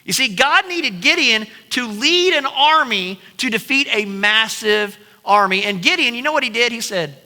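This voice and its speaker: Lively man preaching a casual sermon in a reverberant hall, acting out Bible dialogue. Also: high-pitched, normal speed. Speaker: pastor. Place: church sanctuary.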